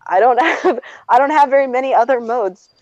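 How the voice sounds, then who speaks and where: High-voiced and a little fast, with a darkish tone, this twenty-something woman spins personal anecdotes in casual chat. She's profane and blunt and laughs a lot while talking. There's no room sound; the recording is dry and slightly dull.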